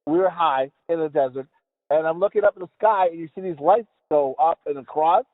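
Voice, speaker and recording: A man's voice: on the high side, a little fast. A man co-hosting a podcast, rambling and mumbling in casual chat, swearing freely. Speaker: podcast co-host. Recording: tinny phone-like sound with a long reverb tail.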